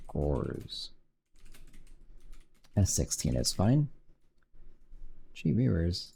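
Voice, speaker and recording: A man's voice: low-pitched, very animated, very slow, creaky, warm tone, slight background noise. A man streaming his game development, muttering to himself while coding and cursing when things break. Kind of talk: casual live-coding commentary.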